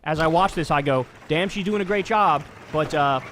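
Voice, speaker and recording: A man's voice: a little high, moderate pace, a bit bright, slight background noise. A man streaming political commentary, reacting to a clip with heated, scornful ranting.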